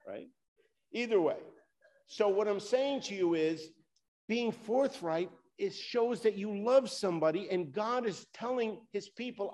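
High-voiced man preaching a sermon. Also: lively intonation, moderate pace. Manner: preaching with rising and falling emphasis, addresses listeners directly. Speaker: pastor.

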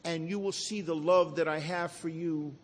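A high-voiced man delivers a sermon, lingering on key words and dropping his voice low and quiet to stress them. His voice rings with the long reverb of a large hall. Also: fairly even intonation. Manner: slow, emphatic preaching with dramatic drops to a hush. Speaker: preacher.

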